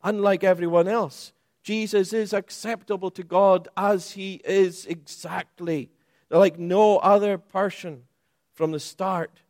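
A man preaches slowly and deliberately, his voice a little higher than most men's. He leans into key words, then falls quiet and low. The sound is dry and close. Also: steady tone, dry recording. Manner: emphatic, rising for stress and dropping low and soft. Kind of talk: sermon.

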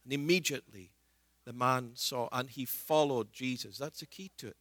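A man's voice: mid-range voice, normal speed, a bit bright, no room sound. A man preaching a sermon in an earnest way, retelling scripture scenes and voicing the people in them.

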